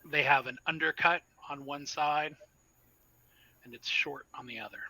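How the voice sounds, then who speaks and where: A man runs a tabletop game as storyteller, his voice sitting a touch high for a man. His tone is very bright and forceful, and he lays out scenes in a measured, descriptive way. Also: poor audio.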